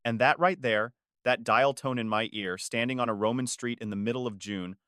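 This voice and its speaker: A man narrating a first-person dramatic story in a measured, confessional way. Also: medium pitch, fairly bright tone, no room sound, clean studio sound.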